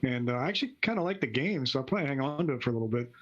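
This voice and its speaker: A man's voice: mid-range voice, lively intonation, very fast. Easygoing man on dull lo-fi audio. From Pennsylvania. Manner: easygoing, rambling with fillers. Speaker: ramp maker guest. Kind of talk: casual chat.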